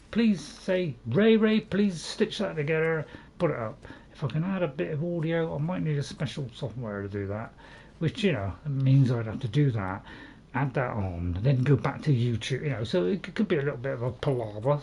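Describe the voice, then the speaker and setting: A man's voice: on the high side, vocal fry, dark tone, slight background noise. Rambling man narrating gameplay. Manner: rambling, self-admitted waffler; chatty, talks to viewers in chat. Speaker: gaming channel host. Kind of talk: casual let's-play commentary.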